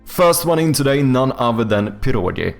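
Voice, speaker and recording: A man's voice: mid-range voice, very animated, normal speed, gravelly, faint music behind. A Swedish man whose English leans toward a British accent, chatting casually on a livestream with lots of fillers and restarts. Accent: Swedish speaker leaning toward a British accent. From Sweden. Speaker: streamer. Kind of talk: casual livestream chat, reading and answering chat.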